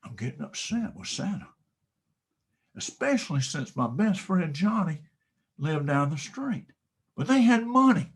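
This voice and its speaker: A man giving a motivational speech, telling a story dramatically and swinging from whispers to loud bursts. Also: a little high, very animated, a little slow, long pauses, breathy edge. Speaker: motivational speaker.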